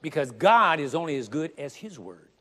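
A man preaching a sermon with emphasis, getting louder and slowing down on the words he stresses. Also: on the high side, big pitch swings. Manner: emphatic, rising to loud stressed phrases, slows down on scripture. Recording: long reverb of a large hall.

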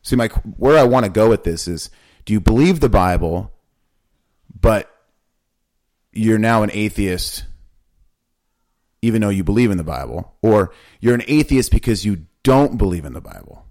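A man's voice: on the low side, lively intonation, normal speed, pauses often, a little mellow. A man co-hosting a podcast in casual talk, pressing his questions over and over. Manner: insistent, pressing questions repeatedly. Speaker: podcast co-host.

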